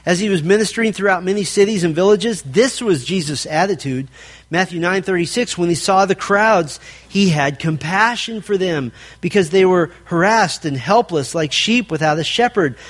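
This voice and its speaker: A male pastor delivers a sermon in an earnest, emphatic way, driving points home by repetition and speaking straight to his listeners. His voice sits a bit higher than most men's. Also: normal speed. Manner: earnest preaching with emphatic repetition and direct address.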